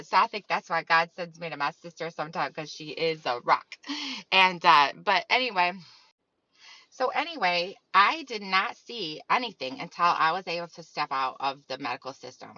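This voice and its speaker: Woman, vlog host, rambling casual monologue, sharp bright voice, dry muffled recording. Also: lowish voice, no echo. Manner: rambling, meandering, full of fillers. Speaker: channel host.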